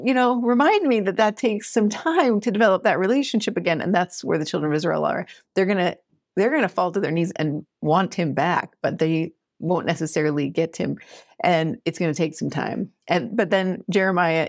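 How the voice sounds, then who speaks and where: Woman, thirties, podcast host, casual scripture study, earnest and animated, lowish voice. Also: fairly quick, no echo, clean studio sound. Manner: earnest and animated, laughs often, acts out quotes.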